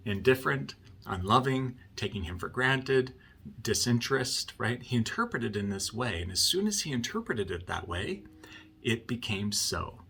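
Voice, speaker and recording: A man's voice: mid-range voice, vocal fry, sharp tone, husky. A man working as a marriage counselor, explaining a point through a client story in a conversational way and often checking in with "right?".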